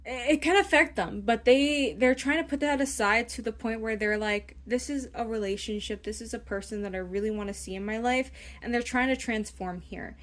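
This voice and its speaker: A woman's voice: fairly high pitch, normal speed, hardly any pauses. A young woman giving a casual tarot reading, rambling and chatty, often checking in with "okay?" and acting out imagined inner voices. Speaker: tarot reader.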